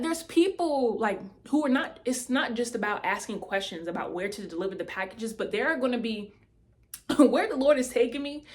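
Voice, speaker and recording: A woman telling a personal testimony in a casual, animated way, speaking straight to her listeners. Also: fairly high pitch.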